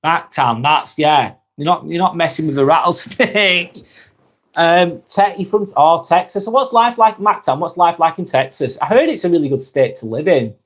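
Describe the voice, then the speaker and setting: A man with a Lancashire accent hosting a live stream, reading viewer comments aloud and talking in a gentle, reflective way. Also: a little high, animated, moderate pace. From Northwest England.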